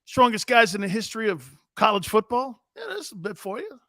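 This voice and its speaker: A man in his fifties with a high-pitched, gravelly voice talks fairly quickly on his sports talk show, in studio quality with no room sound. Animated and emphatic, he rambles through boisterous anecdotes, restarting for emphasis.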